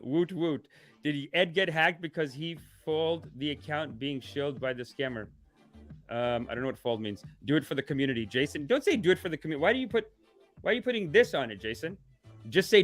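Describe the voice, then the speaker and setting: Higher-voiced man, jokey livestream host. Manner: swings between hushed mock-spiritual calm and loud excited outbursts; jokey, laughs often. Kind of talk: comedic live stream chat.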